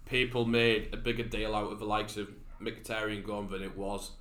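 A man's voice: on the low side, little pitch movement, moderate pace, fairly bright tone. A man in casual football chat, argumentative and keen to finish his point. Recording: echoey room with faint background noise.

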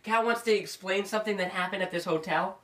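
A man from Rhode Island hosting a podcast, telling a family story in a casual, animated way with many restarts. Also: sits high, fast, far from the mic. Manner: animated, restarts a lot, often says "boys and girls". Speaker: podcast host. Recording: echoey room, away from mic.

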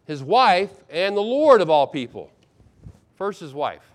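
A middle-aged man, a pastor, preaching a sermon with expressive delivery, acting out quoted lines and swinging between loud and hushed moments. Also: on the high side, unhurried.

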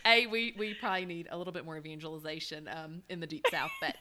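A woman's voice: deep voice, steady tone, quick pace, heavy background noise. A woman in her forties, telling a funny story in casual chat, laughing often with lots of fillers. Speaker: podcast co-host.

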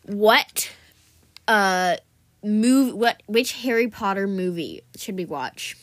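Slow, hesitant woman with lively pitch. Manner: hesitant, trails off, full of fillers. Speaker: podcast co-host. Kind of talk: casual chat.

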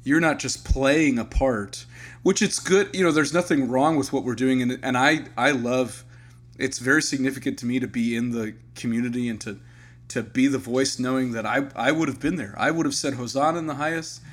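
A man's voice: medium pitch, moderate pace. A man co-hosting a podcast, speaking earnestly and reflectively in casual conversation with his co-host. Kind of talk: casual chat.

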